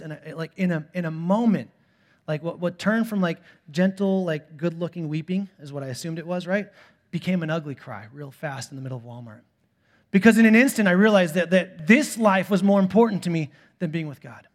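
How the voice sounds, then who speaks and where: A man in his thirties, a pastor preaching a sermon in a church, telling stories with swings from quiet asides to loud bursts. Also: fairly high pitch, brisk. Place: church sanctuary.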